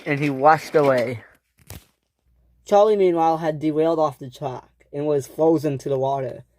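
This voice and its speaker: A storyteller narrating a home-made toy train adventure, with halting restarts and filler words. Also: mid-range voice, darkish tone, a little hiss or hum.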